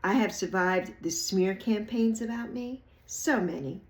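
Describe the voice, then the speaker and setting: An older woman in her sixties speaks to her online audience in an emphatic, repetitive way. Her voice sits at a middle pitch, and she often leaps higher when she mocks people in a playful put-on voice. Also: a little slow. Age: 60s. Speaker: YouTube creator. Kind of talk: reflective monologue to camera.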